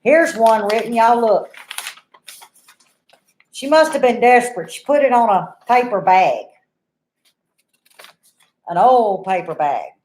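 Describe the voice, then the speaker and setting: A woman's voice: a little high, expressive, slow, long pauses, darkish tone. An older woman, chatting and telling stories to her viewers in a folksy, down-home way. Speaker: homesteading channel host. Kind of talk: casual chat and storytelling to viewers.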